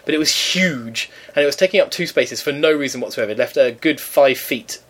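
A man's voice: medium pitch, fairly quick, fairly bright tone. A young man from England telling a funny anecdote in casual chat, acting out other people's lines with a raised voice. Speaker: storyteller in a chat.

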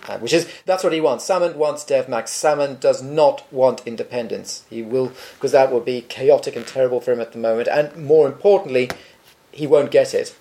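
Gravelly, dark-voiced blunt man. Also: medium pitch, brisk. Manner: dry, blunt, opinionated. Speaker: guest answering listener questions. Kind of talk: casual podcast chat.

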